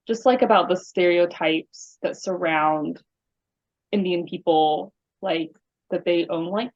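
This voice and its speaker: A woman hosting a podcast in casual conversation, chatty and encouraging. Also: lowish voice. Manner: chatty, encouraging, frequent backchannels. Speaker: podcast host. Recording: dull lo-fi recording.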